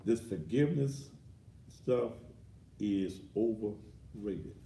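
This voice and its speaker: A man's voice: on the low side, takes it slowly, gravelly, mellow, a little hiss or hum. A man hosting a commentary show and ranting in a blunt, crude, indignant manner. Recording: echoey room, voice off-mic.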